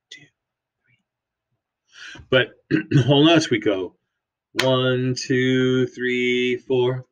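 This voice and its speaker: A man's voice: lowish voice, a bit bright, highs cut off. A man teaching second graders about note durations in a video lesson, upbeat and chanting the rhythm counts aloud. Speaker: music teacher.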